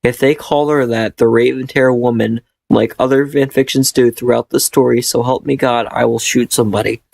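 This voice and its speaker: A man's voice: medium pitch, fairly even intonation, moderate pace, creaky, darkish tone, no echo. Sarcastic man mocking fanfic, dry sound. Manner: sarcastic, profane, exasperated. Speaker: reader and commentator.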